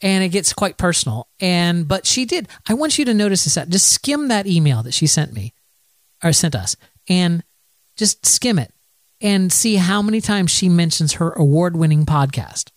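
A man's voice: high voice, sing-song, normal speed, dry recording. A man hosting a podcast in casual chat, rambling with many fillers and frequent laughs. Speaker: podcast host.

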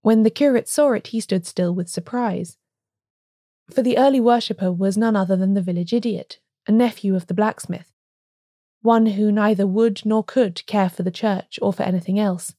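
A woman reads a classic story aloud in a measured, even style. Her voice is warm and mellow, and the recording is close and dry with no room sound. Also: medium pitch, dry recording. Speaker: narrator. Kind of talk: audiobook narration.

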